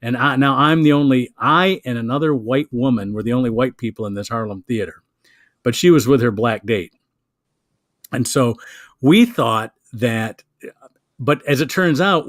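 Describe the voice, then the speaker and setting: Male comic, halting anecdotal chat, mid-pitched voice, dry room. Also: dry recording. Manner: rambling, halting anecdote telling with many restarts. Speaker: comedian. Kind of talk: casual chat.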